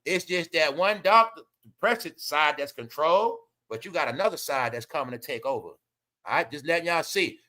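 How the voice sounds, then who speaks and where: A man's voice: sits high, pushed and bright. A man hosting his own livestream, giving blunt, profane, mocking commentary and repeating his points. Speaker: livestream host.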